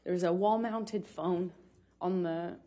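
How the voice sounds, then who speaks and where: A woman giving courtroom testimony as a witness, speaking haltingly with many restarts and pauses, sounding shaken. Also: lowish voice, fairly even intonation. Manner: quiet and shaken, voice rising with distress. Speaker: trial witness.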